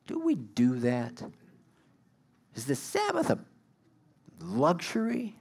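A man's voice: mid-range voice, vocal fry, darkish tone. A middle-aged man preaching a sermon in a conversational, self-deprecating way, building to emphatic bursts.

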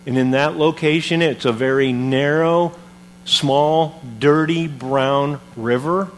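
A man delivers a sermon in a lively, chatty storytelling way, pitched a touch above the usual male range. He mixes scripture with everyday comparisons, and a faint hum sits under his voice. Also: slow. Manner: animated, conversational storytelling with modern comparisons. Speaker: preacher. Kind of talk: sermon, retelling a Bible story.

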